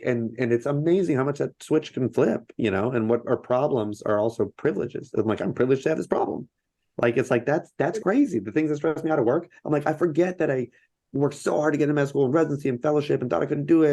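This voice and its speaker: A man's voice: medium pitch, warm tone, dry recording. A man in his thirties, a podcast guest speaking earnestly with many fillers in casual conversation.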